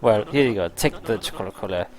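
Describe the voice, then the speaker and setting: A man's voice: fairly low pitch, quick pace, darkish tone, natural voice. A streamer voicing a snobbish male gourmet cook who talks in a haughty, condescending way, faint music behind.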